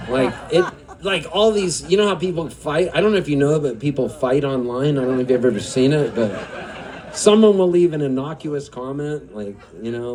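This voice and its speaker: A man's voice: fairly high pitch, a little hiss or hum. A singer-songwriter telling a rambling, chatty story on stage at a live music venue, laughing often as he goes.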